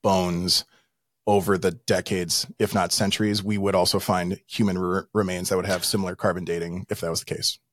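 Deeper-voiced podcast guy, teasing and arguing his point, dry studio sound. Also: flat delivery, fairly quick, no echo. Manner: dry, argumentative, wry teasing. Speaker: podcast co-host. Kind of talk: casual chat.

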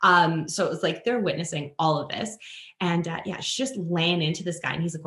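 A woman from Canada, a guest on a podcast, telling a story in a casual way and acting out the people she quotes with big jumps in pitch. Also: fairly quick. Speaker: guest, influencer and author. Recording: roomy echoing room.

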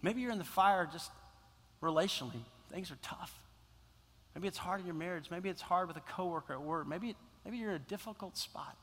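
A man's voice: sits high, fairly quick, a bit bright, big-room sound. A male pastor preaching a sermon in a church, impassioned and repeating phrases for emphasis. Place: church sanctuary.

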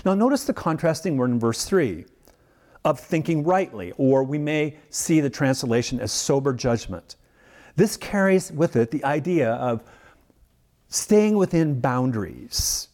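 Male pastor, sermon delivery; measured, explanatory, animated pitch, emphatic slowdowns. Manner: teacherly, explains words and context.

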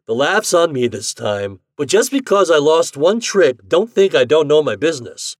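A man's voice: on the high side, big pitch swings, moderate pace, no room sound, studio quality, voice pushed up. A man voicing a blunt, defensive confidence man in a story reading. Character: wary male confidence man. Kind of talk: audiobook character reading.

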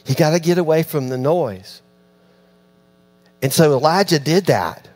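A fairly high-pitched man delivers a sermon with animated storytelling. He acts out the voices of the people he talks about and drops to hushed tones for quiet lines. A faint electrical hum sits under the recording. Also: measured pace. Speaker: pastor.

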